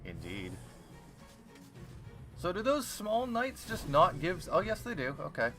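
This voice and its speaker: A man's voice: high-pitched, huge pitch swings, a little slow, a bit bright. A man playing a game on stream, commenting casually and swearing in exasperation. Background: faint game music.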